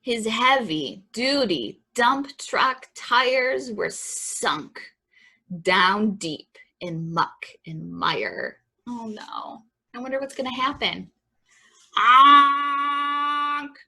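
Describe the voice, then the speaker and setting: A woman librarian reading a picture book aloud at children's story time, expressive and rhythmic, with chatty asides to the kids. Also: mid-range voice, takes it slowly, vocal fry, husky. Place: library program.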